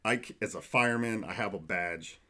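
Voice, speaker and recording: A man who works as a firefighter, chatting casually on a podcast, swearing a lot and telling animated stories with acted-out quotes. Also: on the low side, brisk.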